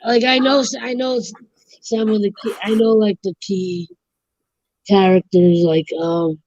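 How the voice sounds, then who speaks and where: Animated woman telling comedy stories. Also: medium pitch, unhurried, no echo, dull audio. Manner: animated storyteller who acts out quoted comedy lines. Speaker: co-host. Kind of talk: casual chat.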